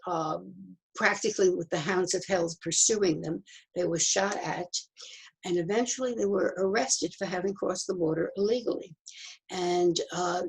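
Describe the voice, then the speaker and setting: An older woman in her eighties recounts her family's history at a memorial talk, pacing herself steadily through the story. Her voice sits low, with a gravelly edge and a husky, breathy grain. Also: darkish tone, poor audio. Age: 80s. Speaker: Holocaust survivor speaker at a memorial program. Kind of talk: personal storytelling talk with slides.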